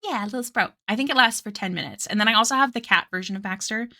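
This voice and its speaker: A mid-range woman's voice, quick, bright, and forceful. While drawing on her stream, she chats casually and rambles, breaking off tangents to talk with live viewers, with lots of fillers and little giggles.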